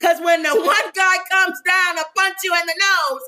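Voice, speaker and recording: A woman co-hosting a casual talk show, telling a story with animated acted-out quotes and frequent laughs. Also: extremely high pitch, normal speed. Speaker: co-host. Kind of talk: casual commentary chat.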